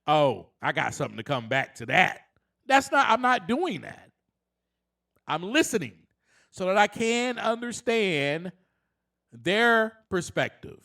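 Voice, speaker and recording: Male self-help podcast host, very high voice, unhurried, earnest with frequent laughs. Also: very animated, creaky, pushed and bright. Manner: earnest, laughs often, rising to passionate emphasis.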